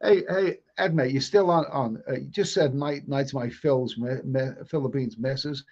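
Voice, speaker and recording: On a live stream with dull lo-fi sound, a middle-aged man with a Liverpool accent chats casually and reads comments from viewers, frequently stammering and repeating words. His mid-range voice is a little mellow, at a moderate pace.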